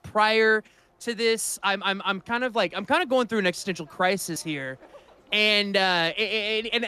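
A man's voice: sits high, bright, forceful tone. A man playing in an improvised tabletop game, rambling comically through his character's actions. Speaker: guest player. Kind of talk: improvised tabletop role-play.

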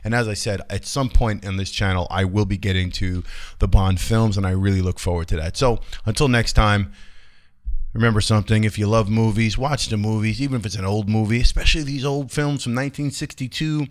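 A man's voice: fairly low pitch, fairly even intonation, brisk. A man hosting his own film channel, talking casually in a rambling, chatty way with many fillers and restarts. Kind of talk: casual vlog talk.

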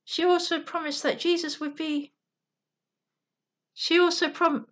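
A woman with a high voice reads a bedtime story aloud. She goes gently and steadily, now and then stumbling and correcting herself. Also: flat delivery, measured pace. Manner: gentle reading with slips and restarts.

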